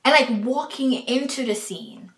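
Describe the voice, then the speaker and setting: A woman's voice: high voice, animated, measured pace, reverberant. Blunt, profane American woman host. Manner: blunt, profane, exasperated ranting. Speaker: podcast host. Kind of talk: frank advice talk.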